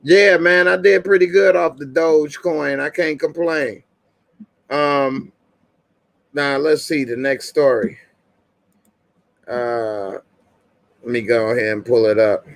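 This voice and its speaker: A man's voice: on the high side, steady tone, takes it slowly, gravelly, pauses often, no room sound. A middle-aged man hosting a casual live-stream commentary show, chatty and laid-back, often laughing and talking straight to his viewers. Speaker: show host.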